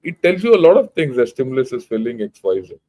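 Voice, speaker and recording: A mellow, mid-range voice with big pitch swings moves fast over a rough recording. It belongs to an older retired army general with an Indian English accent, giving an informal lecture that's emphatic, blunt and full of rhetorical questions.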